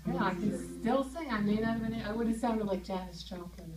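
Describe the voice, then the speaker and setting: Female group speaker, slightly high voice, lively, asks the room questions; mic far off, roomy echo. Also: normal speed, heavy background noise. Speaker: speaker leading a group session. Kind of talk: casual talk to a group.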